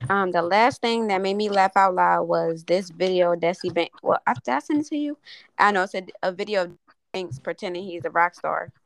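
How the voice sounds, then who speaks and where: A woman in a casual podcast chat, relaxed and a little hesitant in how she talks. Her voice is recorded close and dry, with no room sound. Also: on the low side, brisk, creaky, no room sound.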